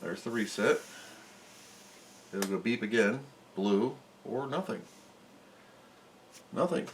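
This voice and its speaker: Slow and fairly low-pitched, a man talks through his own electronics repairs at a workbench, with a little hiss or hum in the audio. He rambles casually, pokes fun at himself, and mutters under his breath while working.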